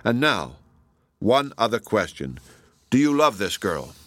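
A man reading the part of a proud, passionate woman, measured and ironic. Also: lowish voice, big pitch swings, a bit bright, no room sound, studio quality, heavily acted. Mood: probing. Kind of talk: audiobook reading.

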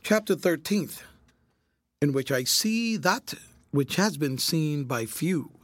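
A man narrating a classic novel aloud in a measured, clear storytelling manner. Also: a little high, animated, fairly bright tone, no echo. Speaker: audiobook reader.

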